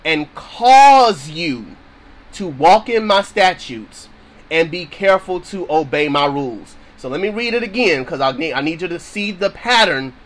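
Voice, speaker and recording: High-voiced man preaching emphatically. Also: fairly bright tone, a little hiss or hum, rough recording. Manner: emphatic and repetitive, drives points home; casual, informal phrasing. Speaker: Bible teacher. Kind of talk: preaching on scripture.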